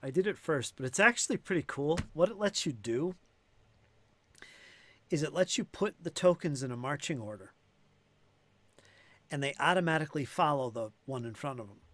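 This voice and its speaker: A man's voice: a little high, expressive, normal speed, pauses often, a bit bright, no room sound. A man running a tabletop game as game master, thinking aloud with fillers and restarts.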